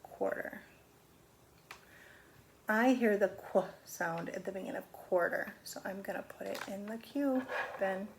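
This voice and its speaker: A woman's voice: mid-range voice, moderate pace, vocal fry, a little hiss or hum. A middle-aged woman teaching a phonics lesson to young children, patiently sounding out words.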